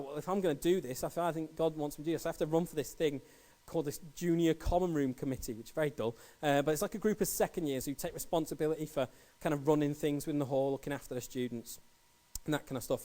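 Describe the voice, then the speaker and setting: A man in his thirties preaching a sermon, telling lively anecdotes. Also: on the high side. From England. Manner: storytelling, animated anecdotes.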